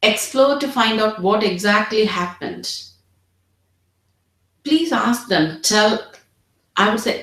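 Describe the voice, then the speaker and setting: A woman teaching in an earnest, steady way, restarting and repeating words as she works through her points. Her voice sits in a middling range and carries a noticeable roomy echo. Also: medium pitch, measured pace, pauses often. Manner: earnest, repeats words, models empathetic phrases. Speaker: medical exam tutor. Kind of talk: teaching presentation.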